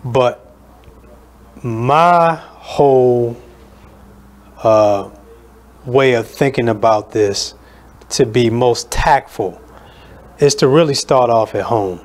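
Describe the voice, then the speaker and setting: Man, radio talk host, earnest, measured, mid-pitched voice, lots of ums. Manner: earnest, measured, with many fillers.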